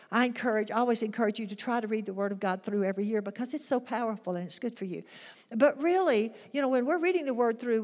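A woman preaching an earnest sermon, emphatic and fond of rhetorical questions. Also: fairly high pitch. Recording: long hall reverb.

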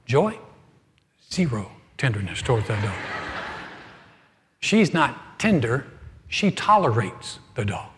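A middle-aged man preaching as pastor, telling a humorous story with animated swings from loud to soft. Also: mid-range voice, slow, long pauses, a little hiss or hum. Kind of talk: humorous sermon. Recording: hall reverb.

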